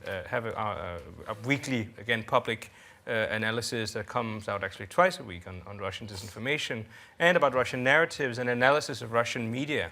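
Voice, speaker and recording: A man speaking as a panelist at a conference, halting and full of fillers. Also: mid-range voice, pushed and bright. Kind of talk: panel discussion remarks. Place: conference hall.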